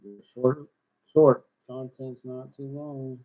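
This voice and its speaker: A man writing rap lyrics aloud, rapping short lines and then muttering quietly to himself between them. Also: medium pitch, little pitch movement, slow. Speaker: rapper. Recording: tinny phone-like recording.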